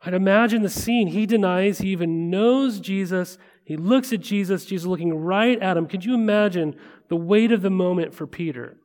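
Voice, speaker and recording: Guy preaching a sermon, kinda high voice, keeps asking the room "right?", big echoey hall. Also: expressive. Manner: conversational, checks in with listeners by asking "right?"; slows down and drops to a hush at weighty moments. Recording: long reverb of a large hall.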